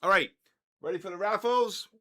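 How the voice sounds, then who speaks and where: An older man hosting a trading livestream, cheerfully calling out raffle winners in a drawn-out announcer way. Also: high-pitched, sharp tone. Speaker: trading stream host.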